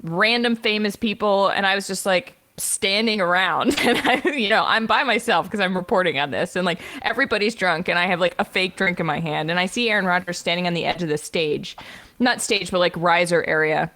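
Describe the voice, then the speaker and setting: Animated woman telling a story. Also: lowish voice, a little fast. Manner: animated, laughing storyteller with many fillers. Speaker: podcast co-host. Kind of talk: casual storytelling chat.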